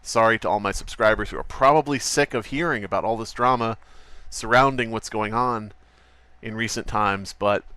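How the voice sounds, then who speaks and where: A man's voice: on the low side, moderate pace, pushed and bright, clean tone, no room sound. A man playing a self-pitying male YouTuber in a comedy skit, rambling and repeating his complaints over and over. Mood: mopey. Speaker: podcast host.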